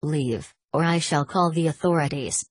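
Stiff butler guy, read by a woman, curt and formal, low husky voice. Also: moderate pace, no room sound, clean studio sound. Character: stiff, protective male manservant.

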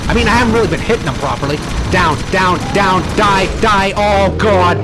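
An excitable man hosts a let's play, yelling and cursing at enemies as he plays. His voice is high and lively, jumping around in pitch, with game music loud behind him. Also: normal speed. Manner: excitable, shouting, swearing at enemies. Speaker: gaming channel host.

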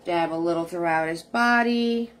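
A woman's voice: lowish voice, normal speed, a little hiss or hum. A woman leading a live painting tutorial, chatting with her viewers as she works. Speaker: painting instructor.

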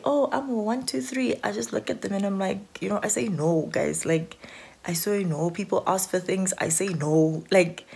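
A woman's voice: mid-range voice, creaky, a little mellow, husky. A South African woman chatting casually to her phone camera at home, rambling and anxious, with lots of filler words. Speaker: vlogger. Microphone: handheld phone.

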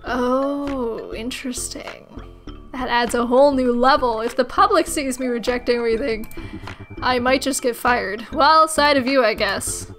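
High-voiced young woman joking through a game. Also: normal speed, fairly bright tone, faint music behind. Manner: playful, giggly, sarcastic. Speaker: gamer. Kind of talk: let's play commentary.

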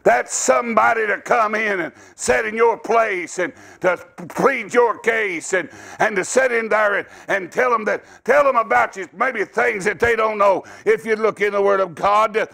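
Man, revival preacher, gravelly voice, high pitch, folksy and rambling, breaks into shouts. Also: normal speed, few pauses. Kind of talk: revival sermon. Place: church sanctuary.

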